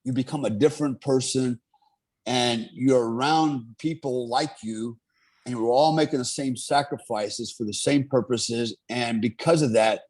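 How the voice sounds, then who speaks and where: A man's voice: mid-range voice, steady tone, a little slow, darkish tone. A middle-aged man who is a military veteran, telling his story in a casual interview with an earnest, rambling manner. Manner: rambling, many fillers, earnest.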